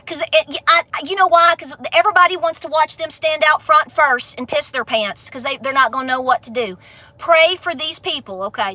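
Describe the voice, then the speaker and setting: A homestead vlogger with a Southern Appalachian accent, talking straight to camera. She is folksy and sassy, and her delivery is fired up. Her voice is high and bright. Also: moderate pace, no room sound. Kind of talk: casual rant to camera.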